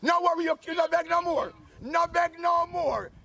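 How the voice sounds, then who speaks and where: A man's voice: very high-pitched, normal speed, sharp tone, full character voice. A man doing a blustering old Jamaican uncle. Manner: blustery, boasting, scolding. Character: boastful old Jamaican uncle, proud ex-soldier. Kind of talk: comic sketch acting.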